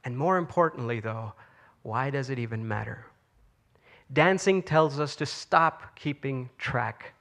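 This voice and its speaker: A man's voice: mid-range voice, expressive, a little slow, creaky, fairly bright tone. A man giving an inspirational talk to an audience, telling a story in a conversational way with frequent fillers. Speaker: speaker.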